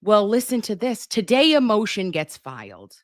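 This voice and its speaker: A woman's voice: medium pitch, sing-song, normal speed, no echo, studio quality. A woman hosting a casual trial recap, emphatic and profane as she talks. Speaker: commentary host.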